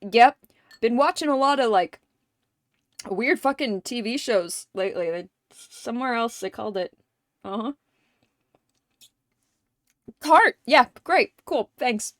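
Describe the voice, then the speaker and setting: A woman's voice: on the high side, moderate pace, long pauses, no room sound, clean studio sound. A woman streamer chatting casually with viewers, swearing freely, laughing often and rambling through anecdotes.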